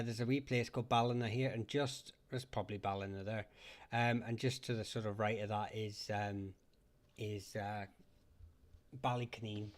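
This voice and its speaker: A man with a Northern Irish accent hosting a casual live chat, rambling and laughing often as he talks. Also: mid-range voice. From Northern Ireland. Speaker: livestream host.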